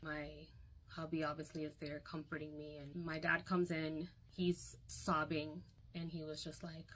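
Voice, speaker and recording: Woman, low voice, candid emotional storytelling, phone recording. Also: level tone, unhurried, a bit bright, rough recording. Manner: candid, emotional, quotes others in asides. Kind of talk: personal storytelling to camera.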